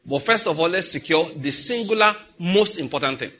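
Nigerian pastor with a bright, husky voice. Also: male voice, a little high, lively intonation, fairly quick. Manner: conversational preaching, mixes in pidgin asides. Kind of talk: sermon.

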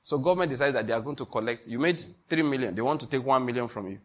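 A pastor preaching an emphatic sermon, often asking the congregation if they follow. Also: male voice, mid-range voice, rapid-fire, fairly bright tone.

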